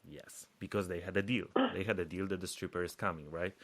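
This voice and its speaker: A man's voice: deep voice, fairly even intonation, brisk, a bit bright. A man speaking English as a second language, telling a story in casual podcast chat and acting out quoted dialogue in raised voices. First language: not English. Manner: searches for English words. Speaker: podcast co-host.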